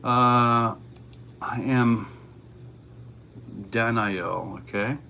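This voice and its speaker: A man's voice: mid-range voice, fairly even intonation, drawn-out words, creaky, pushed and bright, a little hiss or hum. A man hosting a casual livestream, reading chat questions aloud and answering in a laid-back way.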